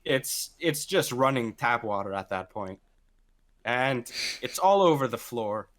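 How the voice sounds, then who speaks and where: A man's voice: mid-range voice, expressive, a little slow. A man co-hosting a casual podcast, telling work stories in a rambling way, swearing often and restarting his sentences. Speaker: podcast co-host. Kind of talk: casual chat.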